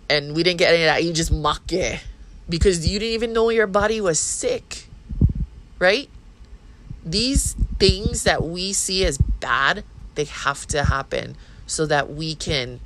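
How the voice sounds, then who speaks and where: A woman's voice: lowish voice, fairly bright tone, a little hiss or hum, low-quality recording. A woman in her thirties with a Hawaiian Pidgin accent, hosting a podcast in a blunt, profane, rambling monologue. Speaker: podcast host. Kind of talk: casual monologue.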